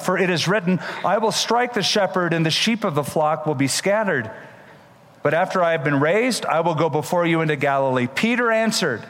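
Man preaching a sermon in a reverberant hall. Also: on the high side. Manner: animated, emphatic Bible storytelling. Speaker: pastor.

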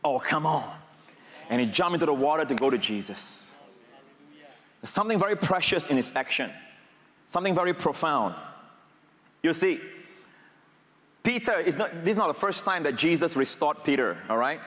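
A man preaching a sermon in a big hall, his fairly high voice ringing off the walls. He climbs to raised, emphatic peaks, then drops to hushed, low, intimate passages. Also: very animated, moderate pace, long pauses. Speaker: pastor. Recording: reverberant hall.

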